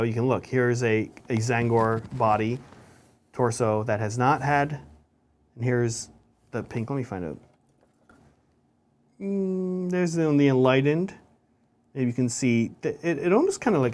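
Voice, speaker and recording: A man's voice: mid-range voice, normal speed, pauses often, a little mellow. A man co-hosting a hobby show, chatting casually and explaining each step as he paints miniatures. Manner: chatty, explains steps as he works.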